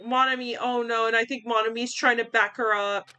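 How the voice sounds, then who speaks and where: A woman playing through a story game, reacting emotionally out loud and talking to her viewers. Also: a little high, steady tone, fairly quick, muffled recording, faint music behind. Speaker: let's play gamer.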